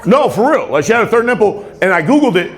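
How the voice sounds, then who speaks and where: A man's voice: sits high, sing-song, fast. A man in his forties doing a rambling, self-deprecating stand-up set on a club stage, often chuckling at his own jokes. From Tacoma, Washington, USA. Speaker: stand-up comedian. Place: comedy club stage with laughing crowd. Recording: live club set with crowd laughter.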